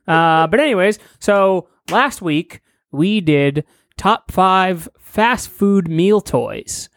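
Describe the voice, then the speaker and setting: Hot and sweaty, a young podcast co-host improvises silly stories in a casual chat, rambling, swearing, and joking around. His high-pitched voice is expressive, slow, and fairly bright, captured in a dry, clean studio recording.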